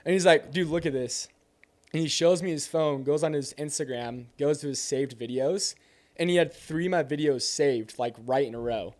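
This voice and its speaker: A young man with a fairly high voice recounts a door-to-door sales encounter in casual chat. He acts out both sides of the exchange with lively, slangy delivery. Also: moderate pace. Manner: animated storyteller acting out both sides of a conversation.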